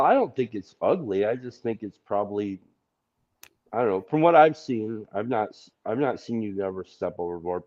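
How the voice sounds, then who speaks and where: Low-voiced joking man, muffled. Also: mellow. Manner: joking, rambling. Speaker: host. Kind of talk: casual chat.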